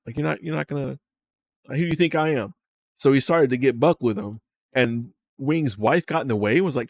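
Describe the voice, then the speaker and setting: A man's voice: medium pitch, no echo. A man casually talking to his chat during a stream, loose and profane, reading comments aloud.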